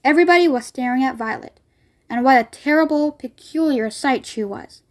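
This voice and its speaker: A woman reading a children's novel aloud in a high voice. Her narration is clear and steady. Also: moderate pace. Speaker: storybook reader.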